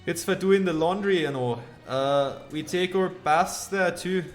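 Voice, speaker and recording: A man's voice: high-pitched, measured pace, faint music behind. A man voicing a grumpy, exasperated male farmer in a put-on Scottish accent, talking in a blustering way full of broad dialect words. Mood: impatient.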